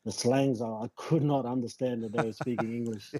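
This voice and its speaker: Very dark-voiced New man. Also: medium pitch, a little fast, husky, dry recording, poor audio. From New Zealand. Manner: relaxed, rambling with many fillers. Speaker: guest, rugby league player. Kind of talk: casual podcast interview.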